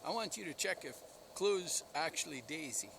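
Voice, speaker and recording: A man's voice: a little high, expressive, moderate pace, gravelly, background noise. A man, a dog breeder, telling a rambling, enthusiastic story outdoors and laughing at himself. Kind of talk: casual storytelling vlog.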